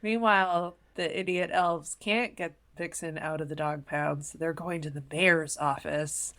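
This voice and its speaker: A woman's voice: low voice, steady tone, a little slow, a bit bright. A young adult woman co-hosting a podcast, sarcastically recapping a movie plot with exasperated asides. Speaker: podcast co-host.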